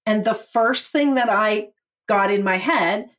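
Unhurried and mid-range in pitch, this middle-aged podcast guest recounts her life with animation. She laughs a lot and quotes herself and others by doing their voices.

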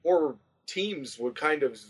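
A man on a sports podcast panel, animated and rambling. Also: on the high side, takes it slowly, husky. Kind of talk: casual sports podcast chat.

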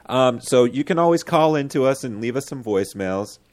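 A man's voice: medium pitch, animated, a little fast, a little mellow. A man hosting a casual podcast, joking loosely and stumbling through his plugs. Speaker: podcast host.

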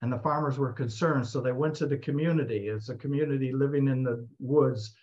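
Man, mid-pitched voice, animated storytelling talk, voices quoted people, slightly muffled recording. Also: a little fast. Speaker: speaker.

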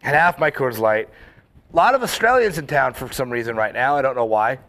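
A man in casual chat, telling rambling, animated stories full of fillers and acting out quoted lines. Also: medium pitch, fairly quick. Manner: acts out quoted lines in the story.

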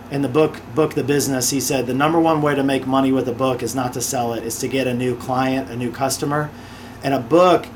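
A man, a guest on an interview podcast, telling stories in a casual, animated way and quickly acting out the voices of the people he deals with. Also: medium pitch, a little hiss or hum. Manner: animated, acts out customers' voices in quick asides. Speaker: podcast guest, real estate investor and author.

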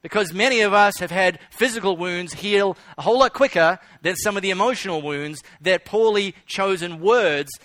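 A male pastor delivers a sermon in a high, bright voice. He tells stories and leans hard on repeated key phrases. The sound is dry and close, with no room echo. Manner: storytelling, emphatic repetition.

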